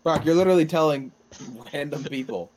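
A man co-hosting a casual podcast, answering in a dry, measured and sceptical way. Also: on the high side, a little mellow. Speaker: podcast co-host.

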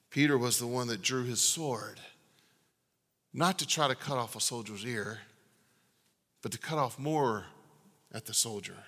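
A man preaching a sermon in a large church, emphatic, asking rhetorical questions and swinging from loud to hushed. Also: medium pitch. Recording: long reverb of a large hall.

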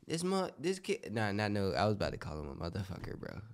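A man's voice: lowish voice, huge pitch swings, quick pace. A young man in casual podcast chat, telling rambling stories and often asking "you get what I'm saying?".

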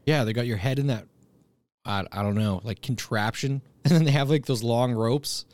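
A young man talking in a loose, casual chat. He sounds easygoing and drops the odd swear. His laugh breaks in often, and his voice sits at an ordinary pitch. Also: moderate pace, darkish tone, no room sound, clean studio sound.

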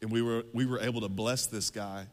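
A man preaching, telling a personal story in a lively, conversational way to his congregation. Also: on the low side, brisk. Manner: animated, conversational storytelling with laughs. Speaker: pastor. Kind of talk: sermon storytelling. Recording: long hall reverb.

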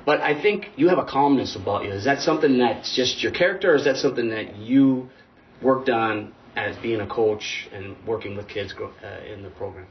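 A man's voice: fairly low pitch, moderate pace, slight background noise. A man hosting a podcast who asks eager, earnest questions and calls himself emotional. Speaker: podcast host, wrestling parent. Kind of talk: casual podcast conversation. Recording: distant and muffled.

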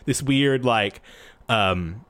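A man's voice: medium pitch, very slow, a bit bright. A man running a tabletop role-playing game as game master, rambling through descriptions with lots of fillers and restarts and frequent laughter.

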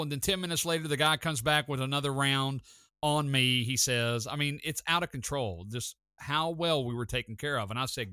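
A man hosting a sports talk show, telling stories in an excited, chatty way. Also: medium pitch, a little fast, clear, resonant tone, no room sound, clean studio sound. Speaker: sports podcast host. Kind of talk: casual sports talk storytelling.

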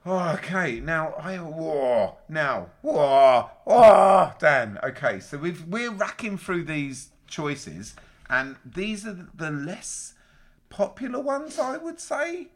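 A man co-hosting a casual podcast chat, sweary, teasing and animated. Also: high-pitched, slow pace. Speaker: podcast co-host.

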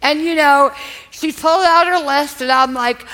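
A woman's voice: sits high, moderate pace, sharp tone, in a large hall, rough recording. A woman giving an earnest, emotional personal testimony at a live faith event, talking in a casual storytelling way. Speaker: guest speaker.

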